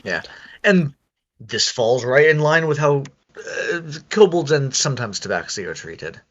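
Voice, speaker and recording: A man playing in a tabletop game, chatting casually and hesitantly with many pauses and restarts. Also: medium pitch, expressive, fairly bright tone, highs cut off. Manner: hesitant, lots of ums and restarts. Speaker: player.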